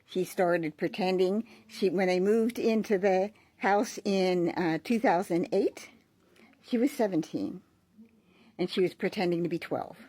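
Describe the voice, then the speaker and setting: A woman's voice: fairly low pitch, measured pace, dark tone, slightly rough, no echo. A woman talking casually to her viewers, explaining with fillers and frequent check-ins. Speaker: social media creator.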